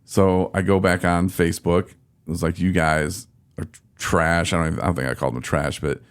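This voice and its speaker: A man from telling a frustrated story in casual podcast chat, acting out his own quotes with animated exasperation. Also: low-pitched, fast talker, clean tone. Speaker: podcast host.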